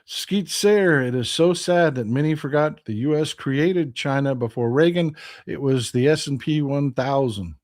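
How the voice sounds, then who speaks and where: Hosting a relaxed live stream, a fifty-year-old man from Texas reads the chat out loud and welcomes viewers by name, frequently backing up to rephrase himself. He talks at an unhurried pace in a medium-pitched, slightly mellow voice with a Texan accent.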